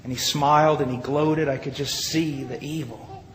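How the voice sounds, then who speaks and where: A male preacher with a fairly high voice tells his story dramatically, shifting between forceful climaxes and hushed asides. His words carry through a large hall with a long reverb tail and a faint hum of noise. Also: fairly even intonation, normal speed. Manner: dramatic storytelling, swings between loud rises and hushed drops. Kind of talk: sermon.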